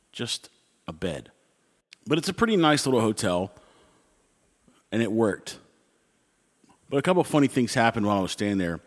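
A middle-aged man telling everyday stories in a wry, rambling, conversational way, with animated asides. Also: on the low side, long reverb tail. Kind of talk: casual storytelling.

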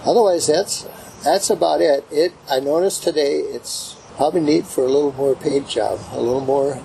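A man's voice: on the high side, normal speed, creaky, mellow, slight background noise, low-quality recording. A man chatting casually in a plainspoken, rambling way. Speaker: interviewee. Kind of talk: casual chat.

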